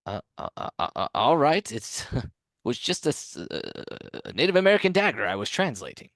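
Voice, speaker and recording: A man's voice: medium pitch, very animated, a bit bright, no echo, clean studio sound, voice pushed up. A man voicing a nervous, flustered male scholar who stammers and halts in a tabletop game. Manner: stammering, halting.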